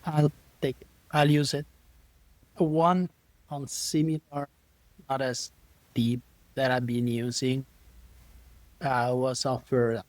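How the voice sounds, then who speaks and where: A man's voice: medium pitch, creaky, a little mellow, no room sound. A man who is a company CEO, speaking as a podcast guest in an easygoing, thoughtful way. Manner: thoughtful, easygoing, with short affirmations. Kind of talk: casual interview conversation.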